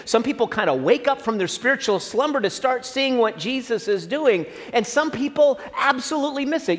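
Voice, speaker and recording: A middle-aged male pastor preaches in a high, lively voice that rises and falls a lot. He talks to his congregation in a casual, conversational way with asides. The recording carries a long hall reverb. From Southern Illinois. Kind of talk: sermon.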